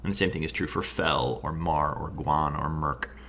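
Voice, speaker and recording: A man's voice: rumbling low, moderate pace, gravelly, a bit bright, a little hiss or hum. A man casually reviewing tabletop game books, enthusiastic and thinking aloud, often asking "right?".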